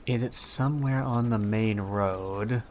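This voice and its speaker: A man's voice: lowish voice, takes it slowly, darkish tone, slight background noise. A man streaming a game, chatting to his viewers in a sarcastic, joking way. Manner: sarcastic, joking, talks to chat. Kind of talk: casual game commentary.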